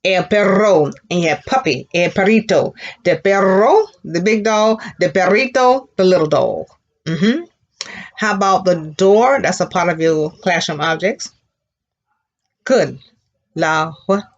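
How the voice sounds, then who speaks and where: Female teacher, lowish voice, slow and patient, encouraging young learners; muffled lo-fi recording. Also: lively intonation. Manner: patient, encouraging, models words slowly for children to repeat. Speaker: Spanish teacher. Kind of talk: elementary Spanish lesson.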